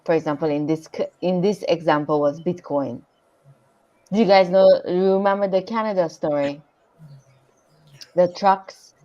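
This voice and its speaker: Brief: woman with a lowish voice, halting podcast co-host, dull lo-fi recording. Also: dark tone. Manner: halting, searching for words. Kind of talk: casual podcast discussion. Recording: muffled lo-fi audio.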